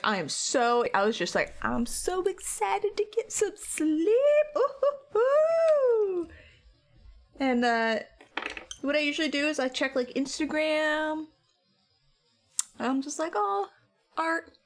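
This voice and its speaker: A tired young woman with a mid-range, fairly bright voice chats casually with her stream viewers. She rambles through a story, acting out the things she said.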